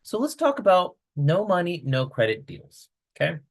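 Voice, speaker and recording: A man coaching real estate investors in a casual, energetic style on a video call, checking in with "right?" all the time. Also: high-pitched, normal speed, creaky. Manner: energetic, chatty, keeps asking "right?".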